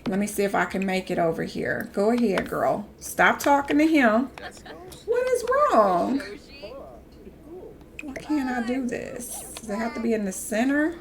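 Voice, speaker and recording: Chatty woman streamer with gravelly voice. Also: a little high, sing-song, measured pace, a crowd in the background. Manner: chatty, talks back to game characters. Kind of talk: casual live game commentary.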